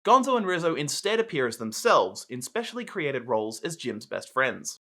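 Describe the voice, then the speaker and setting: A man hosting a video, reading a scripted film essay in a clear, measured way. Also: medium pitch, big pitch swings, pushed and bright. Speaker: video host.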